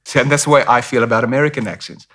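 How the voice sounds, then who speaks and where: A man's voice: mid-range voice, racing, pushed and bright. A middle-aged man with a South African accent, candidly telling stories as an interview guest. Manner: candid, storytelling, acts out voices of others. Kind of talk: casual interview talk.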